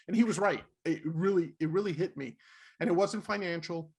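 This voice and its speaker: A middle-aged man co-hosting a podcast, telling stories in a casual, animated way and laughing often. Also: sits high, fairly quick, breathy edge. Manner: animated, laughing, acts out quotes. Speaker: podcast co-host. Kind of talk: casual storytelling chat.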